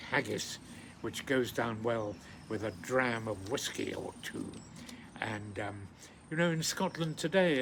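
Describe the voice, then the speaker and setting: Slow gravelly man reading poetry. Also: fairly low pitch, background noise. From British Isles. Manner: hesitant, many ums and pauses, warm enthusiasm for the poet. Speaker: host of a daily poetry reflection. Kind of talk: reading poetry aloud with casual commentary.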